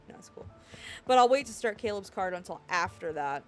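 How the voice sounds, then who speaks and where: A woman streaming a game live, chatting casually with her viewers in a playful, excitable way. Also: mid-range voice, fairly quick, faint music behind. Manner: playful, excitable, jokes with chat. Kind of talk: casual live-stream chat while gaming.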